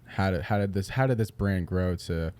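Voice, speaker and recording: Deep, mellow-voiced podcast host. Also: male voice, normal speed, smooth. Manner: encouraging, rambling questions with restarts. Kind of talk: casual interview chat.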